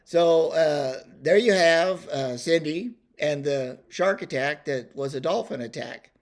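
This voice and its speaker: A man spins a relaxed family yarn in a rambling, folksy way. His voice sits a little higher than most men's. He loops back and fills gaps with easygoing fillers. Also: slow. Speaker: storyteller host. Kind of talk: casual storytelling vlog.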